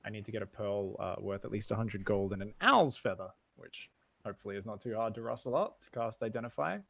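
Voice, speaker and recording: Gravelly man chatting as a game player. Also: on the low side, animated, fast talker, fairly bright tone, dry recording. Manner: chatty, planning aloud. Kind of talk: casual chat at a tabletop game.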